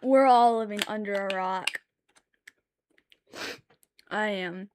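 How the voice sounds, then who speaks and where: A young woman streaming while she draws, rambling and thinking aloud, with sudden loud, excited bursts. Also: medium pitch, slow, a little hiss or hum. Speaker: art streamer. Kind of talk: casual live-stream chat while drawing.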